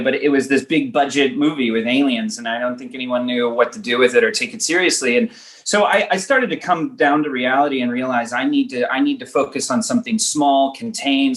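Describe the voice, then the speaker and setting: A man's voice: medium pitch, fairly quick, a bit bright. A man from Los Angeles talks through his answers in a conversational interview. He often stops and restarts while he thinks aloud. He tells his stories with a self-deprecating touch. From Los Angeles, United States. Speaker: writer-director guest.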